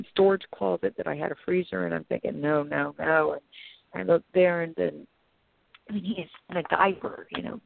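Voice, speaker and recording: A woman's voice: fairly low pitch, gravelly, no echo. A woman pastor and author, telling a personal story with earnest drama and turning it into a sermon-like message, heard over the phone. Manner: earnest, dramatic retelling with quoted inner thoughts. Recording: tinny phone line.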